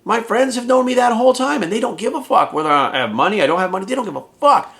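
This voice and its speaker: A fitness coach in his forties from the United States delivers a candid motivational monologue, blunt, emphatic and heavily profane. His voice is high-pitched and fairly bright with vocal fry, and he talks fast with lively intonation.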